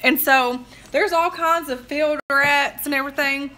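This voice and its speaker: On a phone livestream from her couch at home, a chatty woman with a drawl wanders through cozy, homey stories, hopping between tangents and laughing at her own jokes. Her bright, slightly high voice keeps an unhurried pace in this rambling casual chat.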